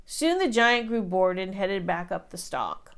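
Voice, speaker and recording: A woman teacher with a clean, mid-range voice reads a children's picture book aloud a little slowly. She tells the story in an expressive way.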